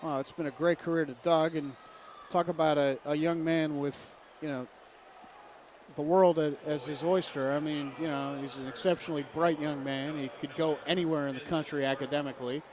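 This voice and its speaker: A man calling a local high school basketball game in a chatty play-by-play style, with faint noise behind him. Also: steady tone, moderate pace, darkish tone. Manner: chatty, jokey, calls the plays. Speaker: play-by-play announcer. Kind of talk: local sports commentary.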